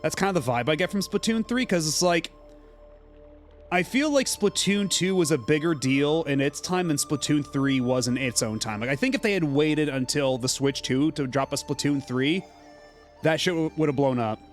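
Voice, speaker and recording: A man streams a video game and rambles chattily, his voice lively and full of swings. He sits a bit higher than most men. Soft game music runs under him. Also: normal speed. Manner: rambling and chatty, lots of fillers. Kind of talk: casual gameplay commentary.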